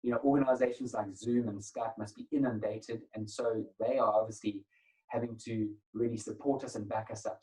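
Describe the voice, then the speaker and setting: A man presenting an etiquette webinar over a video call, emphatic and energetic. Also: mid-range voice, distant mic, rough recording. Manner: emphatic, energetic, acts out phone calls. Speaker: etiquette trainer.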